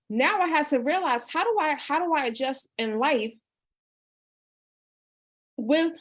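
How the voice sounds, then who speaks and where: A woman in her thirties, a life coach, talking casually and earnestly on a livestream, reading out viewer comments. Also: sits high. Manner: earnest and personal, with many restarts and "you know". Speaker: life coach hosting a book discussion.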